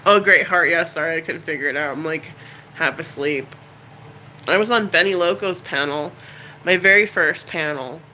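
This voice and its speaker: A woman's voice: sits low, moderate pace, pushed and bright, a little hiss or hum, rough recording. A middle-aged woman chatting casually and candidly on a live stream, rambling and emotional. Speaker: YouTuber.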